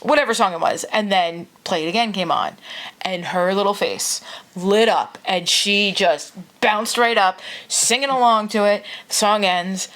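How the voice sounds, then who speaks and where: A woman's voice: mid-range voice, measured pace. Laughing woman co-host telling stories. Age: 30s. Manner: animated storyteller, laughs often. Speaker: podcast co-host. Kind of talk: casual chat.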